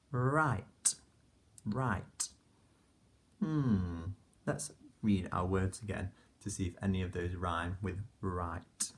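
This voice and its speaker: A man teaching a phonics lesson to young children, slowly sounding out letters one by one and praising the class patiently. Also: sits low, a bit bright. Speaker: primary school teacher.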